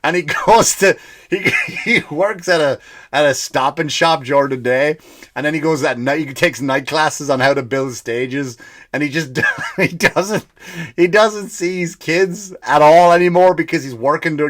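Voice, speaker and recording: A man's voice: on the high side, fairly bright tone. A man hosting a comedy podcast, ranting in a profane, sarcastic monologue.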